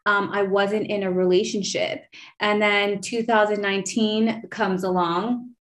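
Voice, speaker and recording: A woman in her thirties hosts a casual podcast chat. She tells a long personal story in a rambling, heartfelt way, with her voice sitting at an everyday middle pitch. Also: little pitch movement, measured pace. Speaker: podcast host.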